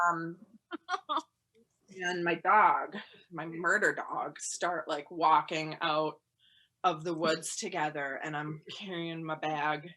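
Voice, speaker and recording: Woman doing stand-up over a video call from home, bright sharp voice, rambly, says like a lot. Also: sits low, fairly even intonation, takes it slowly. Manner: chatty and rambling, heavy on "like", bursts into loud yelled quotes. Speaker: stand-up comedian.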